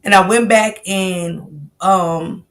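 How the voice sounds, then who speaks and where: A woman hosting a casual livestream, greeting viewers by name in relaxed, slangy banter. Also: lowish voice, drawn-out words. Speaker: livestream host.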